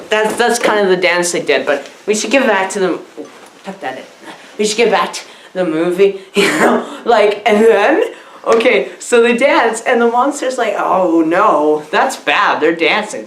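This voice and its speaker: A woman's voice: medium pitch, expressive, moderate pace, a little hiss or hum. A woman giving a rambling, dim-witted comic movie review, giggling as she meanders and acts out the characters. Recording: echoey room.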